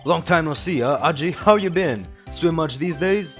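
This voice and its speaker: A man's voice: fairly high pitch, fairly bright tone, lo-fi sound, faint music behind, pitched above the performer's own voice, close to an everyday voice. A man voicing a jolly, overbearing older police chief with a put-on, vaguely Canadian accent. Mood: jovial. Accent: put-on odd Canadian-like accent. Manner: hearty, overfriendly, drawn-out words.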